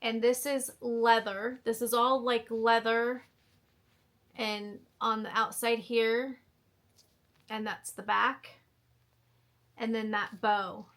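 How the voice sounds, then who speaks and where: A woman's voice: on the high side, level tone, takes it slowly, long pauses, a bit bright. A woman in her fifties chatting casually to the camera as she shows off her shopping haul, gushing over each item. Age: 50s. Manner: gushing, enthusiastic. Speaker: vlogger showing a shopping haul. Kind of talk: casual show-and-tell chat.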